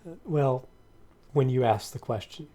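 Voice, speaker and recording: A man's voice: medium pitch, measured pace, mellow. A man running a tabletop game as game master, encouraging the players and explaining the rules step by step.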